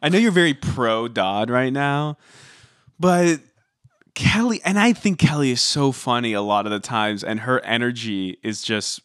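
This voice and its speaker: A man's voice: medium pitch, expressive, a little slow, a bit bright, smooth, dry recording. Podcast guy with a real bouncy voice, opinionated and teasing, dry mic. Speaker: podcast co-host. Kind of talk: casual reality TV recap chat.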